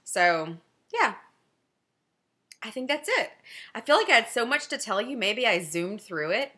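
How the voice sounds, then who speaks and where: A woman in her forties with a Southern Louisiana accent, hosting a knitting video podcast in a fast, chatty way and laughing often. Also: on the high side, big pitch swings, bright, forceful tone, breathy edge. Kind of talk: casual chat to camera.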